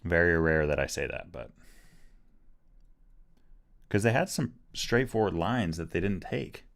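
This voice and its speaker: A man's voice: sits low, lively intonation, measured pace, vocal fry, fairly bright tone. A man casually commenting on his own online chess game, thinking aloud and hedging as he reacts to the moves. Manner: thinking aloud, hesitant, defensive. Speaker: chess streamer. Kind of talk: casual live commentary while playing.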